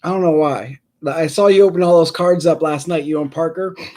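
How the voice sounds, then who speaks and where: A man hosts a casual sports card live stream, chatting at length in a fairly high voice. He rambles through his points, pokes fun at himself and calls out viewers in the chat by name. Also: brisk, dark tone.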